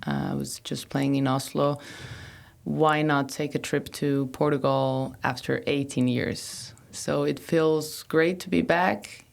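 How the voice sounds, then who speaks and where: A woman DJ and producer from Mexico and Norway, chatting casually in an interview, relaxed and rambling with lots of fillers. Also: extremely low pitch, gravelly. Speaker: DJ and producer guest. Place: artist room of a venue.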